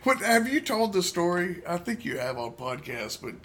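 A man's voice: high-pitched, very animated, normal speed, fairly bright tone, a little hiss or hum. Talkative male podcast host. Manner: talkative, steers the conversation. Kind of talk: casual podcast chat.

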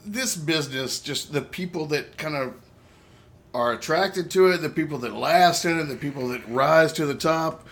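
A man's voice: fairly high pitch, normal speed, a bit bright. Talkative male podcast host. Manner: talkative, steers the conversation. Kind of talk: casual podcast chat.

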